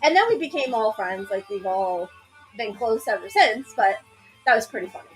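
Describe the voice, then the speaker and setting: A woman telling an animated story in a casual group chat outdoors, acting out quotes and laughing often. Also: medium pitch, moderate pace, faint music behind, rough recording. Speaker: friend telling a story on a livestream. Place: outdoor gazebo by a grill.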